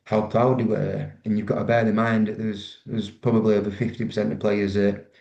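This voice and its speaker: A man's voice: on the low side, a little fast, creaky. Man in a roomy, dull recording. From Manchester, England. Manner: relaxed, self-deprecating, frequent ums and restarts. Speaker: rugby league player guest. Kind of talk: casual interview storytelling. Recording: echoey, dull room sound.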